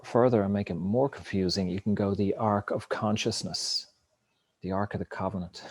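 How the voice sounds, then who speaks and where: A man's voice: on the low side, a little mellow, no echo. A man talking in a rambling, reflective spiritual monologue, cursing now and then. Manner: rambling, reflective, swears casually.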